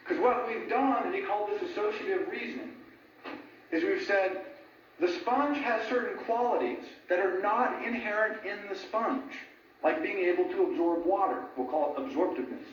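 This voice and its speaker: Guy with a high voice lecturing casually, laughs at his own jokes, mic far off in a big echoey room. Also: moderate pace, a little hiss or hum. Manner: animated, asks "right?" often, laughs at his own jokes. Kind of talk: informal lecture. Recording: echoey room from a distant mic, dull sound.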